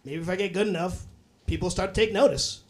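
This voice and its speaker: A young man with a notably high voice performs live stand-up. He talks loosely and swears freely, slipping into quick impressions of other people as he goes. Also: noisy background. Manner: loose, profane storytelling with bursts of acted voices. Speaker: stand-up comedian.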